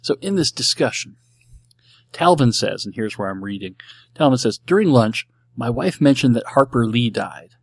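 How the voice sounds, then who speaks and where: A man's voice: medium pitch, animated, normal speed, vocal fry, breathy edge, no room sound. A middle-aged man hosting a podcast, talking casually and rambling with amused asides and voiced quotes. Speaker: podcast host. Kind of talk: casual solo podcast monologue.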